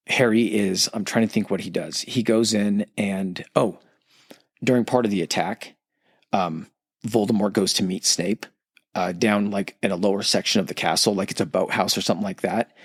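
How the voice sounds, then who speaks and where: A man's voice: fairly low pitch, breathy edge, dry recording, studio quality. A podcast host in casual chat, loosely retelling a story and acting out the quotes in his own voice.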